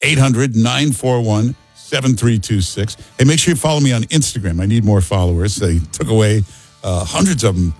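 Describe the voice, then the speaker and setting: A man's voice: fairly low pitch, lively intonation, moderate pace, darkish tone, soft background music. A man hosting a talk radio show, brash and teasing with callers and co-host. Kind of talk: casual talk radio banter. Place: radio studio. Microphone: studio microphone.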